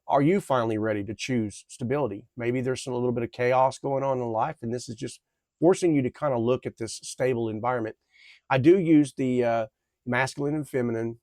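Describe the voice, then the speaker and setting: A man giving a casual tarot reading to camera, rambling and halting, full of fillers and self-corrections. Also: medium pitch, darkish tone, no room sound, studio quality. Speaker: tarot reader.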